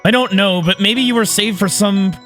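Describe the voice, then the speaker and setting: A man voicing a calm, gentle alien woman companion from a visual novel, speaking softly and apologetically. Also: sits high, moderate pace, faint music behind, voice pushed up. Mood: somber.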